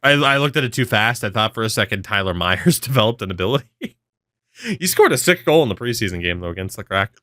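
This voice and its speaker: A man's voice: fairly low pitch, animated, quick pace, bright, forceful tone, dry recording, studio quality. A young man giving rambling, offhand commentary on a hockey video game, swearing now and then. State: yawning, with hiccups. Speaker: gaming video creator. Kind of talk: casual commentary over gameplay.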